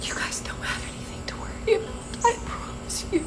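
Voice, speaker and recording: A woman in her forties, a makeup artist, tearfully apologizing in a halting video with many pauses. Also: in a whisper. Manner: emotional, halting, many ums. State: crying.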